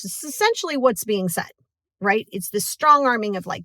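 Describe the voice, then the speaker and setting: A woman with a fairly high voice hosts a motivational podcast in a relaxed, chatty way. She keeps checking in with "right?" and acts out other people's voices. The sound is dry and close to the mic. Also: normal speed, no room sound. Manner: animated, acts out quoted voices; casual, filler-heavy, checks in with "right?". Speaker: podcast host.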